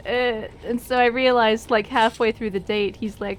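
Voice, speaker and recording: A woman's voice: a little high, fairly even intonation, unhurried, long pauses, slight background noise. A young woman streamer chatting casually over gameplay, giggly and self-deprecating.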